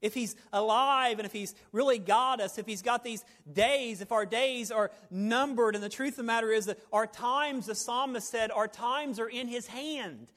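Male pastor, very high voice, folksy, animated evening sermon with hushed drops. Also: moderate pace, few pauses. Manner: animated preaching that drops to near-whispers; folksy, joking asides. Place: church sanctuary, evening service.

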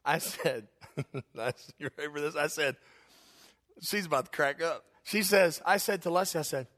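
A man's voice: fairly high pitch, normal speed. A man preaching, telling funny stories from the pulpit and laughing often at himself. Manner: laughs often at his own stories, animated. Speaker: pastor. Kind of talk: humorous sermon storytelling.

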